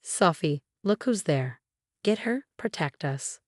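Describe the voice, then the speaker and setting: A sly, cruel mother-in-law, as a woman narrator reads her lines in a low, dry voice. She taunts with a smug edge, in a narrated revenge story. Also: lively intonation, takes it slowly, a little mellow, dry recording. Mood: taunting.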